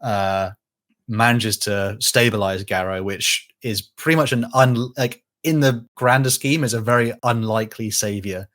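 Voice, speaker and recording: A man's voice: on the low side, measured pace, fairly bright tone. A man co-hosting a casual podcast, talking conversationally with fillers and asides. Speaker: podcast co-host. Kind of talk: casual lore discussion.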